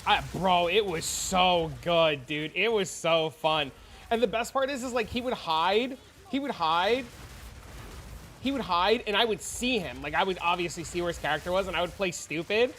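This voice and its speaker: A man's voice: high voice, moderate pace, a bit bright, slight background noise. A man, a father, chatting loosely and profanely on a game stream, telling stories with animation. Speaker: father of young kids. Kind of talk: casual livestream chat.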